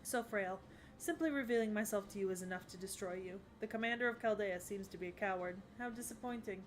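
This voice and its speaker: A woman voicing a haughty goddess who rules the underworld, grandiose and commanding but quickly flustered, in an English anime dub. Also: a little hiss or hum, natural voice. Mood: imperious. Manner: grandiose and imperious, then flustered and shrill. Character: haughty goddess queen of the underworld, proud yet easily flustered.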